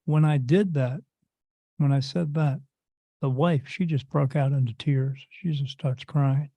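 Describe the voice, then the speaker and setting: A man's voice: fairly high pitch, fairly even intonation, measured pace, warm tone, no room sound. A man, a medium and interview guest, telling a story in a casual, rambling way and repeating himself before each quote. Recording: dull lo-fi dry recording.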